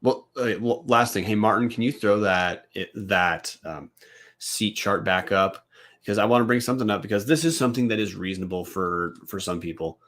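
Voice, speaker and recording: A podcast co-host with a somewhat low, slightly bright voice talks at a normal speed about college football. In a casual chat, he breaks down playoff odds bluntly and swears along the way.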